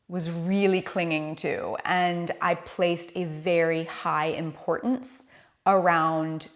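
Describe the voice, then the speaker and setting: A young woman telling a personal story to camera in a casual, earnest, reflective way, laughing often. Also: lowish voice. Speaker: vlogger sharing a personal story.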